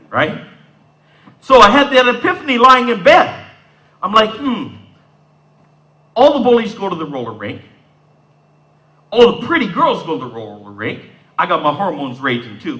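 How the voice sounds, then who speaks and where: A man in his fifties from Southern Ontario, telling his story to an audience in a high, bright voice that is sharp and tense. His pitch swoops and jumps all over as he acts out scenes in a streetwise way. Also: low-quality recording. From Southern Ontario, Canada. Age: 50s. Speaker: speaker giving a talk. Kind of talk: storytelling talk.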